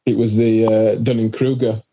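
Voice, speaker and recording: A man's voice: fairly low pitch, flat delivery, normal speed, dull audio. A man hosting a podcast, talking in a reflective, rambling way and swearing casually. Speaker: podcast host. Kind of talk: casual conversation.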